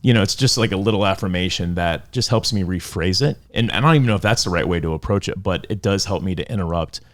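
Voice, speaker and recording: A man's voice: low voice, fast talker. A man co-hosting a podcast in casual chat, reflective and telling personal stories. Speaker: podcast co-host.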